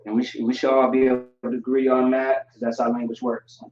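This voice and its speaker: A man teaching a livestream lesson, explaining slowly and deliberately with frequent fillers. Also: mid-range voice, little pitch movement, darkish tone. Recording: distant, echoey and dull lo-fi audio.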